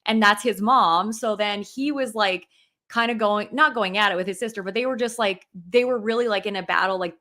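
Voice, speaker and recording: Brisk and forceful, a young woman podcast co-host shares a personal story in a bright, mid-range voice. The chat is casual and openly emotional, packed with "like" fillers.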